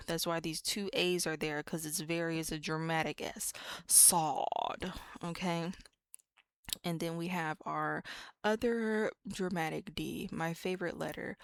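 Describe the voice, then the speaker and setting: A woman's voice: on the low side, slow pace, dry recording, studio quality. An American woman giving a casual, playful lesson, repeating each sound several times with chatty asides. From United States. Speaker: language teacher.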